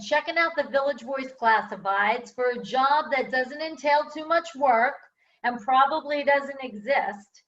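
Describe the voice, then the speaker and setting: A woman telling a personal story in an expressive, deadpan comic style, recording at home. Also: sits high. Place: her home. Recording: distant, dull home video audio.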